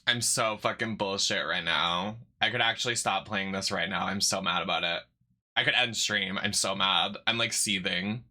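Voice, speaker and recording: A man streaming a video game with casual, animated commentary that swings between chatty and exasperated. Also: low voice, moderate pace.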